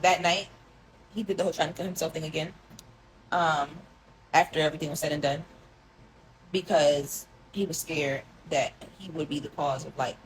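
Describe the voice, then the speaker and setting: A young woman telling a long personal story to her viewers in a casual, rambling way, full of "like" and slang, often dropping into a hushed tone. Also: sits low, slight background noise, rough recording. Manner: rambling, heavy filler "like", emotional, addresses viewers as y'all. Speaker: storyteller recounting a relationship.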